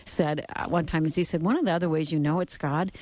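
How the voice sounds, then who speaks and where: A woman's voice: low voice, fairly even intonation, quick pace, a little mellow, dry recording. A middle-aged woman hosting a Christian radio talk show, telling a family story and retelling the dialogue.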